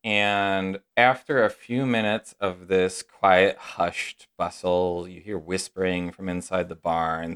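A man narrating a tabletop game as game master, unhurried and descriptive. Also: low voice, fairly bright tone, clear, resonant tone.

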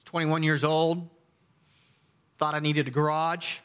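A middle-aged man preaching a sermon as a pastor, emphatic, with dramatic pauses and sudden quiet drops. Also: a little high, flat delivery, smooth.

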